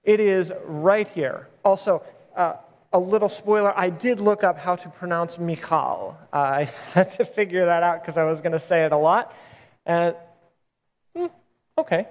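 A man preaching as a pastor, reading scripture aloud and adding relaxed, joking asides before praying and starting his sermon. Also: high-pitched, normal speed, lo-fi sound. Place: church sanctuary. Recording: long reverb of a large church.

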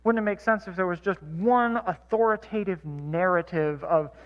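High-voiced man teaching a casual Bible class. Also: moderate pace, highs cut off. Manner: chatty, many fillers and self-corrections. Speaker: church Bible study teacher. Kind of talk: casual teaching talk with anecdotes.

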